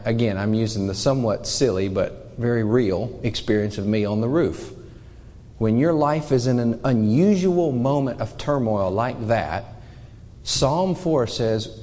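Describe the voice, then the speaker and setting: A man's voice: medium pitch, warm tone, big-room sound. A man preaching a sermon to his congregation, earnest, putting questions straight to his listeners. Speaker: pastor. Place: church sanctuary.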